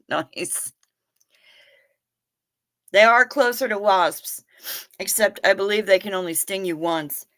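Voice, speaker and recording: Very slow with long pauses, this woman's mid-range, slightly bright voice carries a folksy livestream chat. She reads viewer comments, greets people by name, calls them honey, and fills gaps with hummed doo-doo sounds.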